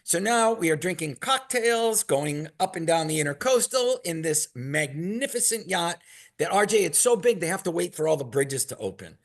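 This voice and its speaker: A man telling a long, rambling story in a casual, animated way and acting out what others said. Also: a little high, normal speed. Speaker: product maker telling stories as a guest.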